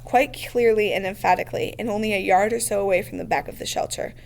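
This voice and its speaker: A woman reading a novel aloud in a steady, measured way. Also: mid-range voice, gravelly. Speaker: reader.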